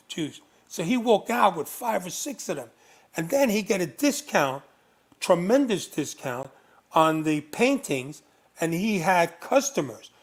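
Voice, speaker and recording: A man telling stories as a guest in an interview, animated and full of fillers. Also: fairly high pitch. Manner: animated anecdotes, frequent fillers. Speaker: guest, former undercover agent. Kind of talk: storytelling interview.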